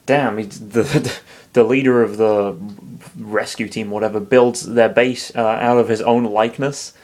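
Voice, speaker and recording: A man's voice: lowish voice, steady tone, a little slow, darkish tone. A man reading a fan story aloud, rambling and swearing. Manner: swearing, rambling asides, mumbled. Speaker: reader.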